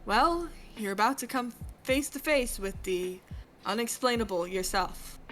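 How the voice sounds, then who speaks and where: A woman's voice: a little high, lively intonation, measured pace, a bit bright, a little hiss or hum. Woman reading as a mysterious male paranormal scientist. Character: brainy middle-aged male paranormal scientist. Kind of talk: reading a fan fiction aloud.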